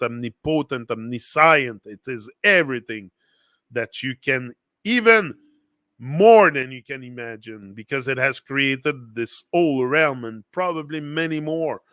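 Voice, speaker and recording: A man's voice: mid-range voice, sharp tone, no room sound, studio quality. A man with a French accent hosting a casual motivational livestream, rambling as he reads out viewer comments.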